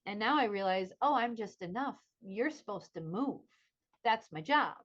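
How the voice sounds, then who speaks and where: A middle-aged woman co-hosts a podcast in casual chat, telling a story with animation and voicing the people she quotes. She sounds animated, medium-pitched, and fairly bright at a normal speed, though the recording is muffled.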